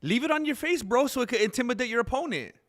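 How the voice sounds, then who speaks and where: A young man with a high, bright voice reacts to fights on his live stream. He jokes constantly and laughs often, with an easy, excitable delivery. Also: fast. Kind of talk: live fight commentary chat.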